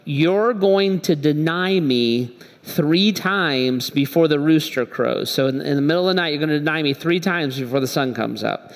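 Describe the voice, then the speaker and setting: A man voicing a calm, patient adult male teacher who speaks plainly and casually. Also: fairly high pitch, moderate pace, close to an everyday voice. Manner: relaxed, plainspoken, casual phrasing. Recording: echoey hall.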